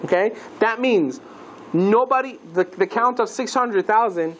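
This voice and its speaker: A man teaching a class as a rabbi, lively and playful, asking the listeners questions and mixing Hebrew terms into his lesson. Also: sits high, measured pace, muffled recording, a little hiss or hum.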